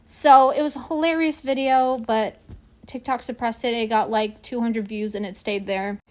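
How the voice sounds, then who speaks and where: A woman in her forties, speaking a little higher than most, tells a personal story to camera. She sounds indignant and animated and acts out the lines people said to her. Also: moderate pace. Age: 40s. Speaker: vlogger. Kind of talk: casual storytelling monologue.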